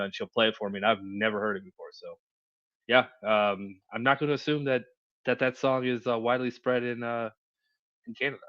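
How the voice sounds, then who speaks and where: Casual male commentator, chatty with restarts, mid-pitched, slightly muffled recording. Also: level tone, brisk, fairly bright tone. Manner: chatty, stumbling over words. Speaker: show host reacting to court videos.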